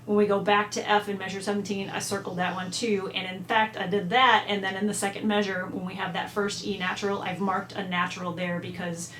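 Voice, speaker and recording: A woman's voice: mid-range voice, level tone, a little fast, few pauses, a bit bright. Woman teaching music at home, chatty, sings lines on syllables, echoey room, bit of background hum. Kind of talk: instrument lesson walkthrough. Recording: echoey room, faint ambience.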